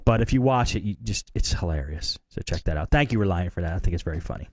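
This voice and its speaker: A man co-hosting a casual late-night tech talk show. He sounds easygoing and chatty and tosses in quick asides. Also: sits low, lively intonation, dry recording, clean studio sound. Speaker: co-host.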